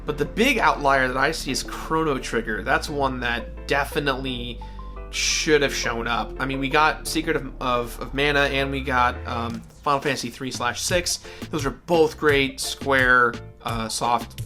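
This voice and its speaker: A man telling a personal story in a casual, animated way, with a few fillers. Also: mid-range voice, measured pace, faint music behind. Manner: animated, acts out family voices in his anecdotes. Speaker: guest gamer.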